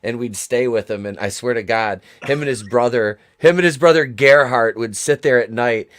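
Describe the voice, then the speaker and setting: A man's voice: medium pitch, normal speed. A man on a casual talk panel, telling rambling, profane stories. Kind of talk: casual chat.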